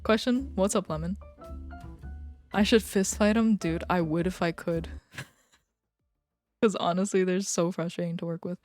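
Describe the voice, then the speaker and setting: A woman's voice: lowish voice, fairly even intonation, measured pace, pauses often, a little mellow, no room sound. A young woman streamer chatting casually with her viewers, swearing freely and venting, with faint music behind her.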